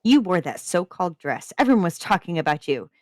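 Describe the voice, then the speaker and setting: A woman's voice: fairly low pitch, very animated, brisk, darkish tone, no room sound, clean studio sound. A woman reading aloud as a haughty, controlling vampire mother who scolds through clenched teeth. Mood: furious. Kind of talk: dramatic reading of a story.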